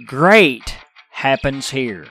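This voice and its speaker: A man's voice: mid-range voice, sing-song, extremely slow, sharp tone, faint music behind. A middle-aged man hosting a podcast, ranting in an exasperated, profane way. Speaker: podcast host. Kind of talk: casual ranting podcast talk.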